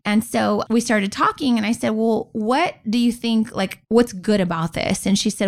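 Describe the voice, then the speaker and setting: A woman in her thirties co-hosting a casual podcast, telling stories with lively quoted voices. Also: a little high, normal speed, hardly any pauses. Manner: lively storyteller who acts out quotes. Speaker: podcast co-host. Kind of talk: casual chat.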